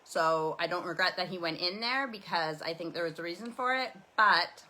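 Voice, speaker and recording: A woman's voice: lowish voice, moderate pace, bright, forceful tone. A Canadian woman hosting a casual, rambling chat show with lots of fillers, speaking over a video call. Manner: rambling, chatty, many fillers. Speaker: host.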